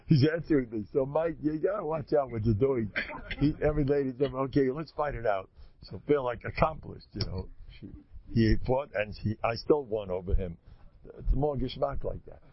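Gravelly man telling rambling stories. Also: mid-range voice, animated, normal speed. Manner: rambling storyteller who acts out dialogue. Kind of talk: informal religious talk to an audience. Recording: muffled lo-fi recording with faint noise.

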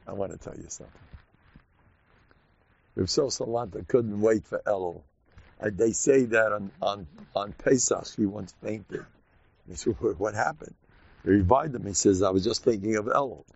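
A man with an American accent, a rabbi giving an informal, animated Purim talk full of stories and sudden shouts. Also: medium pitch, vocal fry, no echo, muffled recording.

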